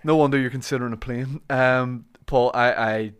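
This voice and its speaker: A man's voice: mid-range voice, steady tone, moderate pace, clear, resonant tone. A man hosting a podcast, reacting to his guest with short comments and laughter in casual chat. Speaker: podcast host.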